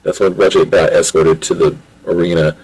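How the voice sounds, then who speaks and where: A man's voice: low voice, little pitch movement, fairly quick, a little mellow, husky, low-quality recording. A man reading his own adventure story aloud on a home microphone, in plain, repetitive narration. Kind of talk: amateur audiobook reading.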